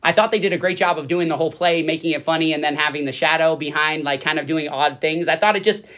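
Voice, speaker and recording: A man's voice: fairly high pitch, quick pace, fairly bright tone. Forty something guy hosting, rambly and chatty, kinda muffled lo-fi audio. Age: 40s. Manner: chatty, rambling, laughs often. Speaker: podcast host. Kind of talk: casual chat. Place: studio. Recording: dull lo-fi studio recording.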